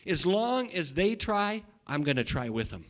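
A middle-aged male pastor preaching a sermon, swinging between loud shouting and quiet asides, often repeating words and restarting. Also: sits high, big pitch swings, a little slow.

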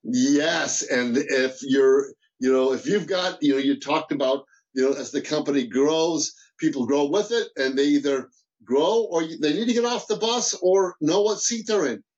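Male guest mentor, animated, stumbling restarts, lightly raised pitch. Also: moderate pace, highs cut off. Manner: animated, frequent restarts and repeated words. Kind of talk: casual interview talk.

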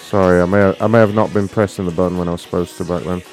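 A man's voice: deep voice, steady tone, very fast, a little mellow, faint music behind. A man co-hosting a comedy podcast, laid-back and joking, with casual swearing. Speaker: podcast co-host.

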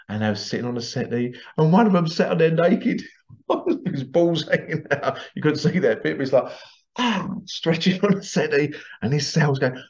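A man's voice: medium pitch, normal speed, a little mellow. Rambling, chatty man. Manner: rambling, chatty, chuckling asides. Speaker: vlogger. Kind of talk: casual monologue to viewers. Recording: dull lo-fi recording.

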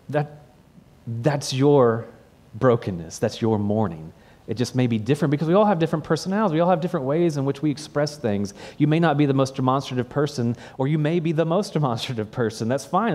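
A man's voice: medium pitch, expressive, fairly quick, darkish tone. A man who is a pastor, giving a sermon that retells a personal story in a conversational way and often repeats the first word of a phrase.

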